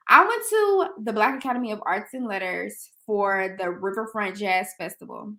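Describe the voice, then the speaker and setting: A young woman hosting a casual interview, lively and chatty. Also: medium pitch, moderate pace. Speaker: host.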